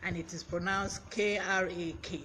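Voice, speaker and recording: A man hosts a live-streamed word lesson, his voice pitched high and bright. He is chatty and breaks off to greet viewers by name. A faint fan hums behind him. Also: fairly even intonation, normal speed, a little hiss or hum. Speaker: vocabulary teacher on a live stream. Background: fan blowing.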